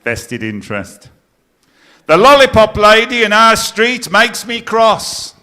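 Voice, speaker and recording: A middle-aged man comparing a stage competition, telling jokes with deadpan punchlines and teasing the live audience. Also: sits high, slow pace. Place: stage in a pier theatre before a live audience.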